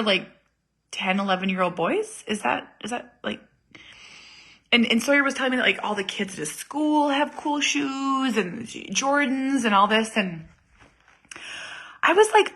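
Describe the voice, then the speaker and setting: Woman, 30s, casual vlog host; bright tone, rambling and self-mocking. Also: fairly high pitch, husky. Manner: chatty, self-deprecating, laughs often. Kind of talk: casual chat to viewers.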